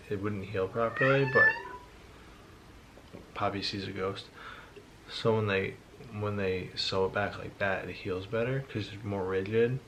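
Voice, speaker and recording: A young man with a somewhat low voice tells his part of the story casually and with energy, acting out what others said. Faint noise runs under the home recording. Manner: animated, acts out quotes, says like a lot. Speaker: vlogger, partner telling his side. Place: home at night.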